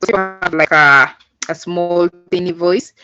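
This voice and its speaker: Slow patient woman teaching. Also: fairly low pitch, steady tone, bright, forceful tone, faint music behind. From Uganda. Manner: patient, explains step by step with many fillers. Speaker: coding teacher. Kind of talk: online class instruction. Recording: dull lo-fi call audio.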